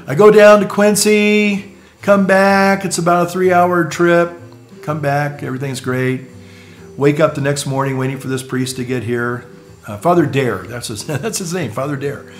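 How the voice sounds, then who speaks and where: A man's voice: mid-range voice, normal speed, soft background music. A male priest telling a personal story in a casual, rambling way, repeating words and chuckling between phrases.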